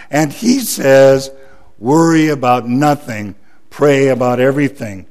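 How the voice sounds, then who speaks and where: A man preaching a sermon as pastor, building emphasis on repeated phrases and dropping softer in prayer. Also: mid-range voice, animated, measured pace.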